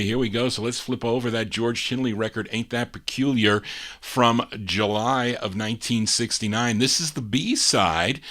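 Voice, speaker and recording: A man's voice: mid-range voice, fairly bright tone. Chatty man hosting a record show. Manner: chatty, musing aloud over record details. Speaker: radio-style show host and DJ. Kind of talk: casual live record-show patter.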